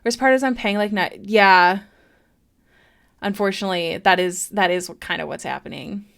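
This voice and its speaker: A woman's voice: fairly high pitch, lively intonation, moderate pace, a bit bright. A woman streaming live, chatting casually with viewers and reading their messages aloud, with plenty of fillers.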